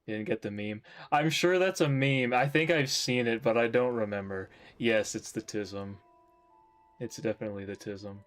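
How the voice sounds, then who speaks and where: A man's voice: medium pitch, moderate pace, faint music behind. A man chatting casually while drawing on stream, rambling and joking about himself. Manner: rambling, jokey, self-mocking.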